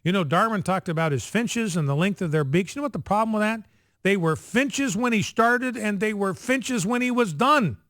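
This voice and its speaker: A man's voice: high-pitched, expressive, moderate pace, a bit bright, no room sound, studio quality. A man hosting a talk radio show, making his points emphatically and repeating them for effect. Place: radio studio.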